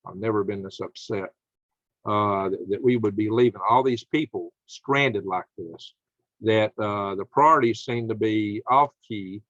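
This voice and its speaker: A man's voice: lowish voice, a little slow, no room sound, dull audio. A middle-aged man hosting his own channel, reading news aloud and commenting on it with indignant anger. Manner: angry, indignant, rising to shouts of outrage. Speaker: channel host.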